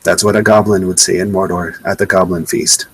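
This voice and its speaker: A man's voice: sits low, little pitch movement, fairly quick, a bit bright, slightly rough, dry recording, low-quality recording. A man giving a live webcast slideshow talk in an indignant, sarcastic way, often repeating himself. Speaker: presenter.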